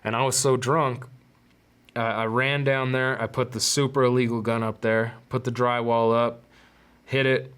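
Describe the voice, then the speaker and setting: A man's voice: mid-range voice, little pitch movement, normal speed, fairly bright tone, clear, resonant tone. Young male podcast host, candid storyteller, profane, mid-range voice. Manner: candid, profane, acts out quotes in raised voices. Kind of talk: personal storytelling.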